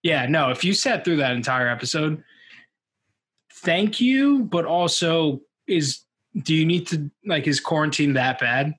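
A man's voice: a little high, animated, measured pace, a bit bright. Rambling young podcast co-host man. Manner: rambling, hesitant, laughs often. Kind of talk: casual podcast chat.

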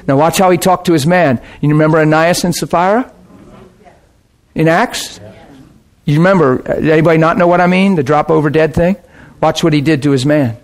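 A man preaching with a folksy, lively delivery. His voice sits a little higher than most men's. He drops into the voices of the people in his story as he tells it. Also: fairly quick. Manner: animated, folksy, shifts into quoted voices. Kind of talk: sermon storytelling.

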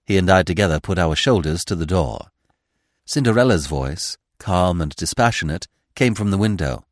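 A man narrating a classic story in measured, scripted audiobook style. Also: low voice, animated, no room sound, studio quality. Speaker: podcast narrator.

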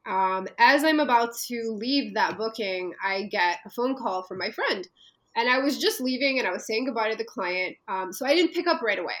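Earnest woman, halting storyteller. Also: a little high, expressive, a bit bright, low-quality recording. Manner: earnest, halting with many fillers and restarts. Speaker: interview guest. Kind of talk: personal storytelling in a conversation.

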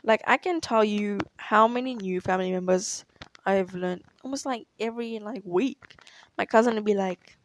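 A woman's voice: mid-range voice, moderate pace, slight background noise. A young woman telling a rambling personal story in a casual chat, laughing often and saying "like" a lot. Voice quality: chatty, laughs often, fills with "like". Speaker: tennis player answering questions.

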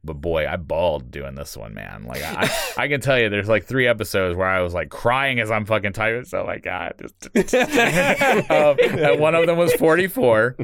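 A man with a very low voice chats casually on a podcast, animated and quick to laugh, with some swearing. The sound is dry and close, with no room around it. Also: gravelly, dry recording. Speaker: podcast co-creator and writer.

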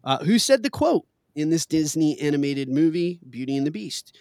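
A man's voice: a little high, animated, normal speed, a little mellow, dry recording, studio quality. A man hosting a casual trivia game with friends, reading questions aloud and laughing often. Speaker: quiz game host.

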